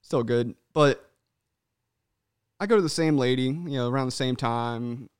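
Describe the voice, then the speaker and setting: A man co-hosting a casual podcast, animated and swearing freely, acting out people's voices when he tells stories. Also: mid-range voice, a little slow, clear, resonant tone, dry recording, clean studio sound. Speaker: podcast co-host.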